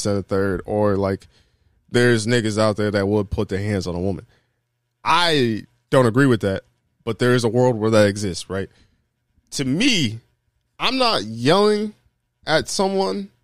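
A man's voice: medium pitch, no room sound, clean studio sound. A young man co-hosting a podcast, telling a story in casual chat with lots of profanity and acted-out quotes. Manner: animated storytelling, heavy profanity, acts out quoted voices. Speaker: podcast co-host.

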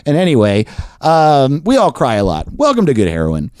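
A man hosting a podcast, talking in a rambling, self-deprecating, animated way. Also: mid-range voice, moderate pace, no echo, studio quality. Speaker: podcast host. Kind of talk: casual monologue and chat.

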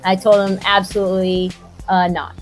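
A woman hosting a sports podcast, hoarse from laryngitis, telling stories in a chatty, self-deprecating way. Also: mid-range voice, flat delivery, moderate pace, faint music behind. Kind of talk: casual sports talk.

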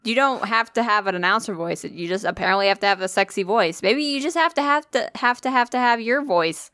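A woman's voice: mid-range voice, fairly quick, bright, forceful tone, no room sound. A woman co-hosting a podcast in casual chat, teasing and reacting with disbelief. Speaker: podcast co-host.

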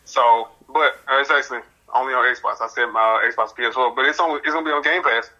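Blunt cussing guy cohost, sharp bright voice, deadpan gripes. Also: medium pitch, fast talker, lo-fi sound. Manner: blunt, profane, deadpan complaints. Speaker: podcast co-host. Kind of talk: casual chat.

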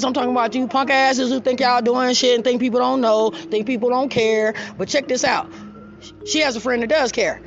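A woman tells a story in a loud, profane, animated rant, her voice high and gravelly. The sound is dull and lo-fi. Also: moderate pace. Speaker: storyteller vlogger.

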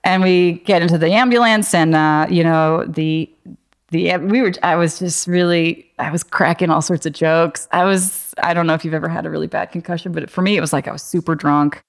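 A woman's voice: lowish voice, fairly even intonation, fairly quick. A young woman casually telling a personal story, chatty and full of fillers, often laughing.

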